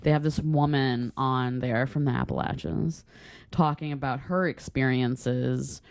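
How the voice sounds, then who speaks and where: A young woman co-hosting a casual podcast chat, profane and quick to laugh. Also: a bass voice, steady tone, gravelly, darkish tone, dry recording. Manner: profane, laughs often, breaks into shrieking laughter. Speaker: podcast co-host.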